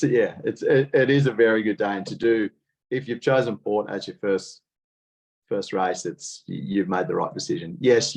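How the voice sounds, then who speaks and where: A man's voice: fairly low pitch, a little mellow, breathy edge. An Australian man coaching as a guest on a casual podcast over an online call, laid-back and encouraging. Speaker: triathlon coach.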